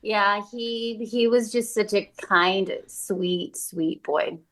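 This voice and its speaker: A woman guest on a podcast, speaking softly and haltingly, often restarting her sentences. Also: mid-range voice, very noisy. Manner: soft-spoken, halting, with frequent restarts. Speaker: guest, bereaved mother. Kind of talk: casual interview.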